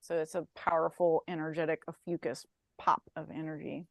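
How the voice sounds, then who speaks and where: A woman co-hosting a podcast in casual chat, animated and playful, telling stories with asides. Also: low voice, brisk, no echo. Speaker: podcast co-host.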